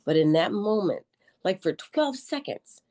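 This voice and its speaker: A middle-aged woman as a podcast guest, telling her story in a lively, joking, colloquial way and acting out her own quotes. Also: mid-range voice, unhurried. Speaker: podcast guest, army veteran nurse. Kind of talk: conversational interview storytelling.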